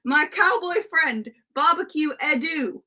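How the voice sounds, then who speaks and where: A woman's voice: high-pitched, expressive, unhurried, sharp tone, heavily acted. A woman putting on a rowdy female Wild West sheriff, hamming it up with a put-on Western drawl in a playful live-stream role-play. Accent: put-on American Western drawl. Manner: hammy, drawling, y'all and yeehaw.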